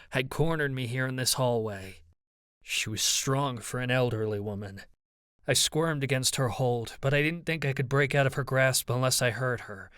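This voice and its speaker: A man narrating an audiobook in the first person, with a steady, even storytelling delivery. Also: medium pitch, no room sound, studio quality.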